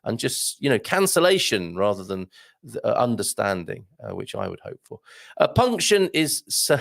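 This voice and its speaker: A man's voice: medium pitch, sing-song, a little fast, gravelly. A middle-aged British man hosting a live show, chatting casually and wryly as he reads out viewer comments, with many ums and asides. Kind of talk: casual live-stream chat.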